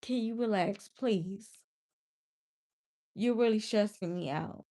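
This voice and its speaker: A young woman with a mid-range, dark-toned voice talks slowly on a livestream. In casual talk to her chat, she scolds a viewer with exasperation.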